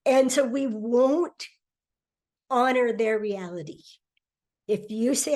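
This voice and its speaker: A middle-aged woman speaking as a podcast guest in a relaxed conversation, animated and laughing often as she acts out quoted voices. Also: on the high side, slow pace, long pauses. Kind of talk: conversational interview.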